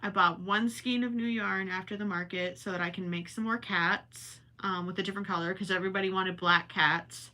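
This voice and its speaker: A young woman chats with her livestream viewers while she crochets, rambling and correcting herself as she goes. Her voice is very bright and sits at a middle pitch for a woman. Now and then she drifts a bit off the mic. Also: fairly even intonation, fairly quick, hardly any pauses. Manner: chatty and rambling, self-correcting, talks while working. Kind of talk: casual chat while crocheting live.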